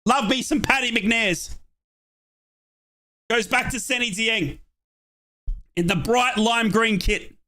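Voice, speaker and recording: A young Australian man giving excited fan play-by-play on a football match and chatting with viewers from his home office. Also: very high-pitched, slow, long pauses. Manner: excitable, shouts at chances, chats with viewers. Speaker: watchalong streamer.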